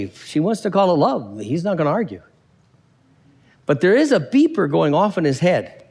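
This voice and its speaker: A man delivers a sermon with a somewhat high, very lively voice that leaps up and down as he works through a scripture passage. He slips into quick character voices to act out the people in the text. His voice rings with the long reverb of a large hall. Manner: animated, acts out characters, reads scripture aloud. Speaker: preacher.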